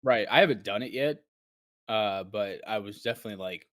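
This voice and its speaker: A podcast co-host with a lowish, slightly bright voice speaks a little fast, recorded dry at studio quality. His casual chatter wanders with frequent restarts, and he performs his own reactions as he goes.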